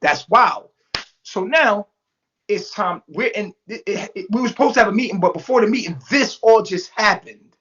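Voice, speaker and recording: A man's voice: high-pitched, normal speed. A man telling a story in casual, profane talk, acting out what others said in their voices. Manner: animated, profane, acts out quotes in voices. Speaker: interview guest. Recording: dull lo-fi sound.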